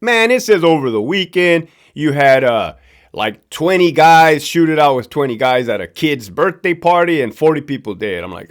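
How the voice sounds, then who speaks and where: A man's voice: a little high, very animated, normal speed. A middle-aged man from Southern California, a former prison guard hosting his own show, ranting casually, profane and sarcastic and repeating himself for emphasis. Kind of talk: casual ranting monologue to camera.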